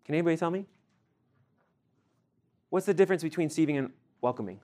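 A young man teaching a sermon to a group, animated, acting out everyday scenes and quizzing his listeners. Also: fairly high pitch, fast. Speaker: youth teacher.

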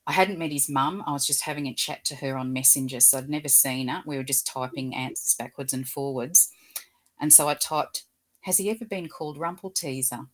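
A woman from Australia, a guest in an interview, telling gentle, animated stories about talking with animals. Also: very deep voice. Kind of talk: casual interview storytelling.

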